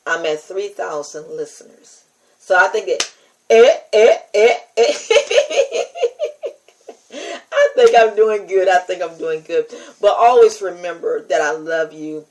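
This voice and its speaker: An older American podcast host and preacher addresses her listeners directly in a casual monologue, testifying with emphasis and repetition. Her voice is on the low side and a little mellow, at a moderate pace, and the recording is rough.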